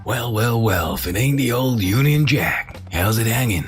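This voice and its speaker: A man's voice: mid-range voice, expressive, moderate pace, soft background music, lightly acted. A man voicing a brash, swaggering male American flag in a comedy skit, with a put-on American accent. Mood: cocky. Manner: cocky, taunting, drawling.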